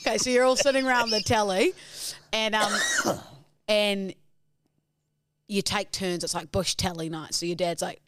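A woman's voice: medium pitch, fairly even intonation, a little slow, long pauses, fairly bright tone, no echo, clean studio sound. A young woman co-hosting a casual comedy podcast, playful and giggly, slipping into silly voices as she jokes. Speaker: podcast co-host.

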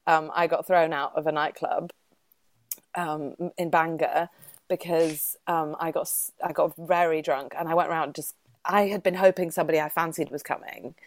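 A woman in her thirties with a fairly low, dry voice tells a story in an easy, chatty way. She laughs often and puts on little voices for the people she quotes. The mic sits close, with almost no room sound. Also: fairly even intonation, moderate pace, no echo. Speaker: guest. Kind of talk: casual chat, storytelling.

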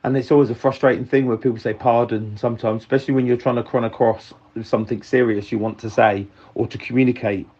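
A man's voice: mid-range voice, steady tone, fast, hardly any pauses, darkish tone, husky. Cockney man on a dull recording. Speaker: caller leaving a voice note. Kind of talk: casual voice message.

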